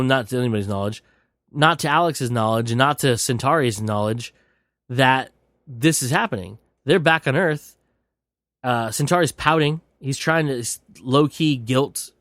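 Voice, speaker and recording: A man's voice: mid-range voice, dry recording. Podcast host, man, rambling and profane, dry close mic. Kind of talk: casual movie recap.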